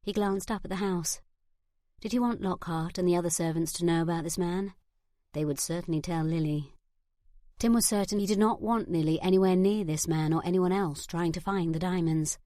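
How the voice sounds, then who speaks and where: A woman reads a historical romance audiobook with an even, steady pace of storytelling. Her voice sits low in her range. The sound is close and dry, from a studio booth. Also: normal speed, dry recording. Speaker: audiobook narrator. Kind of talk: scripted narration.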